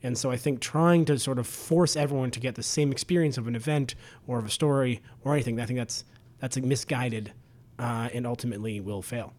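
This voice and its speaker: A man's voice: mid-range voice, brisk, darkish tone. Guy co-hosting a storytelling podcast, chatty and rambly, lots of ums and restarts, regular mid voice. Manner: rambling, many fillers and restarts. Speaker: podcast co-host. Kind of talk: casual podcast chat.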